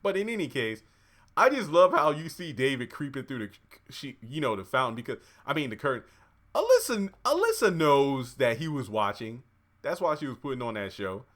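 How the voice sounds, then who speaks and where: A man casually recapping a TV episode, chatty and excitable, cheering and exclaiming at the scenes. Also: medium pitch, normal speed. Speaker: TV episode reviewer.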